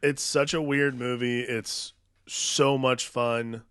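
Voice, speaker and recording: A man co-hosting a film podcast in a relaxed, agreeable way, quick to chime in with enthusiasm. His pitch sits mid-range and the sound is dry and close. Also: clear, resonant tone, dry recording. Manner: relaxed, agreeable, eager reactions. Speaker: podcast co-host. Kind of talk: casual film podcast chat.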